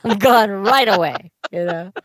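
A woman cohosting a comedy podcast, bantering in improvised bits with giggles and deadpan dark jokes. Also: mid-range voice, unhurried, dry recording, clean studio sound.

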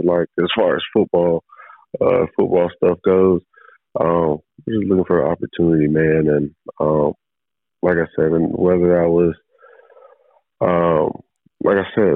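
A man calling in as a football player guest, speaking haltingly with many fillers and restarts. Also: deep voice, no room sound. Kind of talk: casual phone interview. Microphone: phone call. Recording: tinny phone line.

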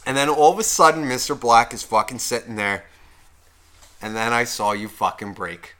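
A man co-hosting a podcast, telling a wedding story in a profane, animated way with loud outbursts. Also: medium pitch, normal speed. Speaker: podcast co-host. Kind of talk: casual chat.

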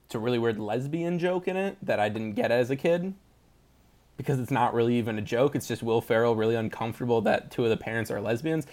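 A man's voice: mid-range voice, fast talker, a little mellow. A young man hosting a podcast, chatting casually, rambling through jokes and laughing often. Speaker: podcast host. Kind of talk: casual chat.

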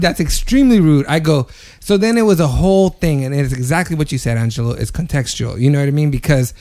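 Podcast host guy, kinda high voice, swears a ton while telling a story. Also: fast talker. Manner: animated storytelling, swears a lot. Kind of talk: casual chat.

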